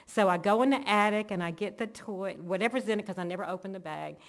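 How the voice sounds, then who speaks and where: A woman, a church member, gives an earnest and emotional testimony of her faith, chaining one event to the next. She talks fast, in a mid-range voice.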